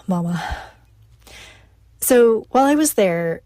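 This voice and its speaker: A woman's voice: mid-range voice, expressive, dark tone, dry recording. Chatty, laughing middle-aged woman. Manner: chatty, playful, quick to laugh. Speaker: newsletter author and speaker. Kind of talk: reading a personal newsletter aloud.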